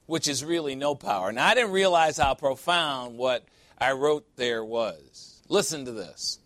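A man's voice: mid-range voice, expressive, a little slow, a bit bright, dry recording. A man preaching a sermon, calling for amens and joking with the congregation between points. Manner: call-and-response preaching, playful asides. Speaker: pastor. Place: church sanctuary.

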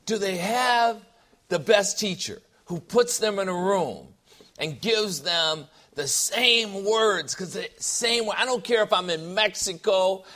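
A middle-aged man preaching a sermon, animated and full of joking asides and rhetorical questions. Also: sits high, slow pace. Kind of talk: sermon with humor.

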